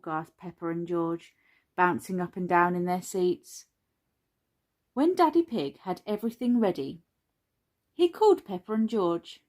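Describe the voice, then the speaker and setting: A woman reading a children's storybook aloud in a gentle, expressive manner. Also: on the low side, a little slow.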